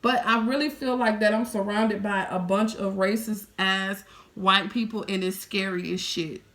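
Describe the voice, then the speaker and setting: A woman in her thirties telling a story straight to her viewers, animated and heavy on profanity. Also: mid-range voice, normal speed. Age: 30s. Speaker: vlogger.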